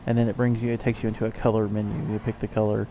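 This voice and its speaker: Gravelly tired man playing a game. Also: fairly low pitch, completely flat delivery, racing, dark tone, dull audio, slight background noise. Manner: rambling, self-mocking asides. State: yawning, tired. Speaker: let's play host. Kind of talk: casual gameplay commentary.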